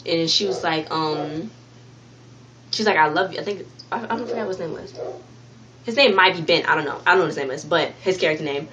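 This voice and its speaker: A woman's voice: lowish voice, fast talker, highs cut off, crowd noise. A woman vlogger casually retelling a TV episode's plot to her viewers, rambling, repeating herself and restarting sentences. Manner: talks directly to viewers. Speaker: TV review vlogger. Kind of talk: casual spoken episode recap.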